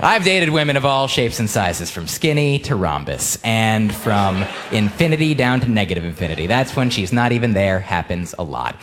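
A man's voice: on the low side, big pitch swings, moderate pace, few pauses, over music. A man with a nasal voice doing a wry, punchy stand-up comedy set on a club stage. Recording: live club, noisy room.

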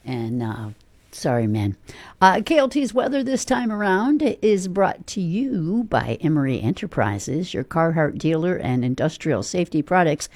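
Lively, chatty woman radio DJ. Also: sits low, normal speed. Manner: chatty, loose and self-deprecating. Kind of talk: casual radio chat and weather read. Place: radio studio.

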